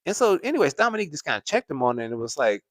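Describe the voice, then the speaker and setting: A man's voice: a little high, sing-song, racing, no room sound. A man hosting a casual live-stream commentary, rambling and hesitant with lots of fillers and restarts. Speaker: commentary channel host.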